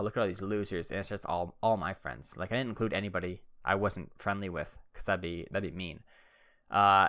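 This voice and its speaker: Chill guy in his 30s rambling thru an old story, lowish voice, dry close sound. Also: bright, forceful tone, smooth, no echo. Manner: rambling, laid-back, heavy fillers. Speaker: vlogger. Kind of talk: casual storytelling.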